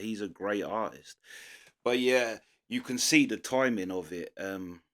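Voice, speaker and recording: Deep-voiced London man rambling casually. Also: a bit bright. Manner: rambling, loose, full of restarts and fillers. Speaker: reaction video host. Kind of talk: casual commentary.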